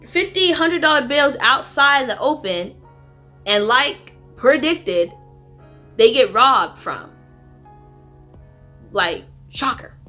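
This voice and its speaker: A woman's voice: fairly high pitch, fairly bright tone. Chatty woman retelling a movie. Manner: chatty, filler-heavy retelling with sassy asides. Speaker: movie reviewer. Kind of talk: casual movie review vlog. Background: faint background music.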